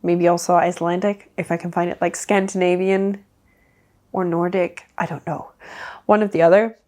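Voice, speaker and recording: A woman's voice: on the low side, flat delivery, normal speed, darkish tone. A Danish woman, a native Danish speaker, chatting casually in English about her new books, rambling with lots of "like" fillers. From Denmark. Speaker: book vlogger. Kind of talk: casual book haul chat.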